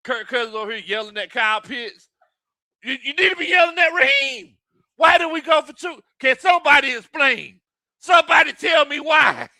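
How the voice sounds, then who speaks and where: A man hosting live watch-party commentary, excitable and often shouting and laughing. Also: extremely high pitch, a little fast, vocal fry, dry recording, studio quality. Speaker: sports livestream host.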